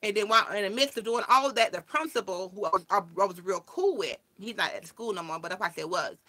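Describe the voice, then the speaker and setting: A woman tells a story straight to her viewers, bright and forward in tone. She jumps into the voices of the people she quotes and keeps the telling animated from line to line. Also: mid-range voice, fast talker. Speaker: vlogger. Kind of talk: casual storytime chat.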